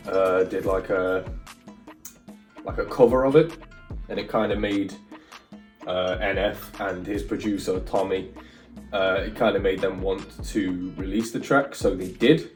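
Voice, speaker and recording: A reaction video host with a low, darkish voice chats casually and offers opinions in a rambling way, using plenty of fillers. The recording has a roomy echo, a distant mic, and faint music.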